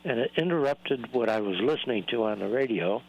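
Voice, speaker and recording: A man's voice: medium pitch, lively intonation, a little fast, highs cut off. Polite older-style male regular caller. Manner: polite, courteous. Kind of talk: casual phone-in chat.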